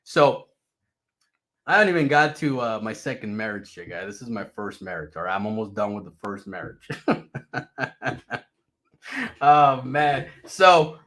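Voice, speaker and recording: A man casually telling his life story to viewers, animated and full of swearing, swinging between loud bursts and low mutters. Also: measured pace, long pauses.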